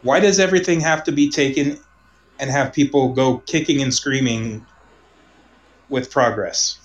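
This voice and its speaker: A man from Omaha telling a personal story in casual conversation, rambling, restarting sentences and trailing off softly. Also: medium pitch, measured pace, lo-fi sound.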